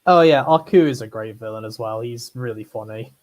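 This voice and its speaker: A man co-hosting a podcast, chatting casually in a relaxed, agreeable way, often filling pauses with "like". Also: medium pitch. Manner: relaxed, agreeable, lots of fillers like "like". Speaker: podcast co-host. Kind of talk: casual chat.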